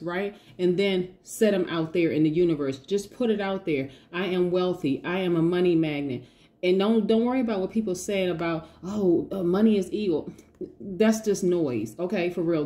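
A woman giving a lively tarot reading, talking casually to her viewers and hyping them up with affirmations. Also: lowish voice. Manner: lively, hypes viewers with call-and-response affirmations; casual, says y'all, laughs often. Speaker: tarot reader. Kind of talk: energetic motivational tarot reading.

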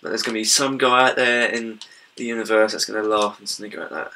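A young British man gives rambling, self-deprecating commentary over a video game, with a bright, forceful tone. He sounds a little distant from the mic, with a faint hiss of noise in the background. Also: lowish voice, steady tone, quick pace. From Britain. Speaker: gaming YouTuber. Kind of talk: casual gameplay commentary.

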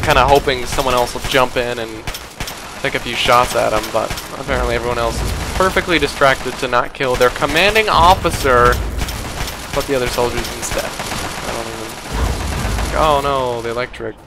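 A man's voice: mid-range voice, normal speed. A man casually commentating his game, wry and rambling, now and then mimicking the enemies in silly voices. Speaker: gameplay commentator. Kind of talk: casual let's play commentary. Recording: game audio noise behind voice. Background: gunfire and game sounds.

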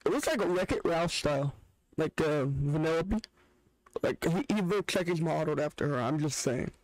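A man's voice: fairly high pitch, lively intonation, normal speed, dry recording, low-quality recording. A young man hosting a reaction video, joking and ranting in casual, rambling commentary. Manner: joking, rants with restarts.

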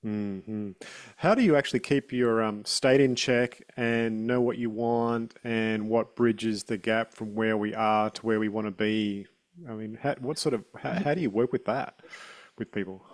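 A male interviewer with a somewhat low voice asks his questions in a soft-spoken, halting way. He often pauses and restarts as he looks for his words. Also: fairly even intonation. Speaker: interview host.

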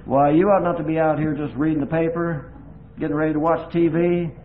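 A man's voice: a little high, steady tone, fairly quick, close to an everyday voice. A man voicing a nagging male devil who scolds in a preachy way, on a phone-like lo-fi recording with faint hiss. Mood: scolding.

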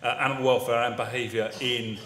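A man speaking on a panel, making a quick remark with hesitant fillers. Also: medium pitch, flat delivery, bright, forceful tone, echoey room, slight background noise.

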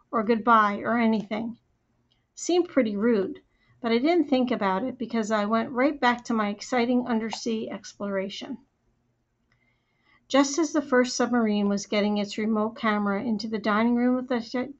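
Woman reading a kids' chapter book, chatty and lively, higher voice, kinda dull audio. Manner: lively, chatty storytelling as a young girl narrator. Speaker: audiobook reader. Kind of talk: first-person story narration. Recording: slightly muffled recording.

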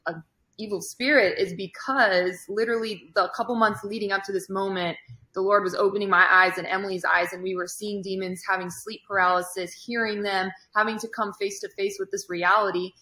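A woman hosting a casual interview, calmly recounting events and reacting briefly to her guests. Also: mid-range voice, brisk. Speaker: host. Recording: roomy echo.

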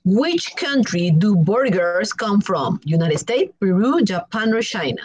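Slow, lively woman teacher. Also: mid-range voice, lo-fi sound. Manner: slow, clear, lively questions with options. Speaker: English teacher. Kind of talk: online class quizzing students.

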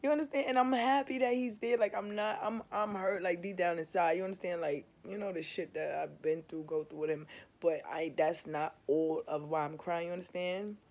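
A woman's voice: fairly low pitch, fairly even intonation, fairly quick, a little mellow. Young woman vlogger: open, emphatic, profane, keeps checking in with the audience. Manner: candid, emphatic, swears freely, keeps asking "you understand?". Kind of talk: casual confessional chat to viewers.

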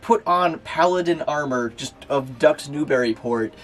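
A man's voice: on the high side, a little slow. Joking podcast co-host man. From Minnesota. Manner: animated, joking, swears freely. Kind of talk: casual chat.

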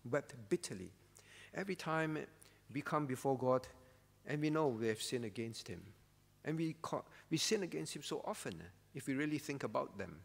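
A man preaching a sermon as pastor, earnest and pleading, often sinking to a soft voice. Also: medium pitch, creaky, in a large hall. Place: church.

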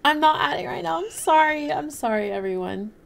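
A woman's voice: high voice, very animated, a little fast, creaky. A young woman livestreaming a game, chatting casually and apologetically while reading and thanking her chat. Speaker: livestreaming gamer.

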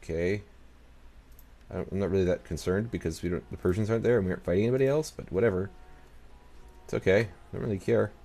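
A man's voice: sits low, quick pace, vocal fry, pauses often, warm tone. A man giving casual let's-play commentary as he plays, muttering to himself, talking back to the game's nations and swearing now and then. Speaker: gaming channel host.

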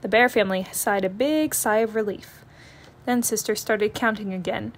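A woman narrating a children's picture book read-aloud in a gentle, expressive storytelling manner. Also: mid-range voice, normal speed.

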